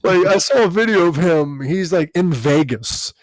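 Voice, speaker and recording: A man's voice: sits high, expressive, normal speed, dry recording. A man who hosts a podcast and does comedy, chatting casually, swearing freely and laughing often. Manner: profane, laughs often, tells stories animatedly. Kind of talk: casual chat.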